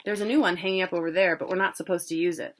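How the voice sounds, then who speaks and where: A woman's voice: fairly low pitch, steady tone, very fast, lightly acted. A woman voicing a stubborn young farm boy who scolds and nags his older brother. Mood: nagging.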